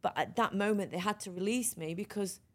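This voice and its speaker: A middle-aged woman guest telling her own story in a podcast interview, frank and lively, often restarting her sentences. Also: medium pitch, fairly quick.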